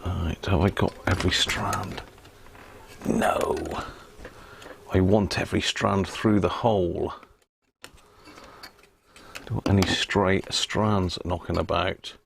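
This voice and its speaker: A man's voice: low-pitched, flat delivery, slow, gravelly, long pauses, slight background noise. A man hosting a live stream, chatting casually and muttering to himself as he rewires a radio on his workbench. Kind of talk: casual live-stream chat while working.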